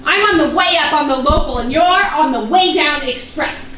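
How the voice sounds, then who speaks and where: A woman's voice: high-pitched, crowd noise, lightly acted. A young woman playing a brash, sarcastic teenage daughter. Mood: scornful. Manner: sarcastic, scornful, rapid outbursts. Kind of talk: live stage play acting. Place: theater stage. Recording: echoey stage from far off, faint ambience.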